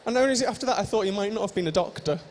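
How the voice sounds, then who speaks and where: A man's voice: sits high, expressive, rapid-fire, a little hiss or hum. A young man hosting a live stage show, joking and teasing the audience in improvised comic banter. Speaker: stage host at a live fan convention.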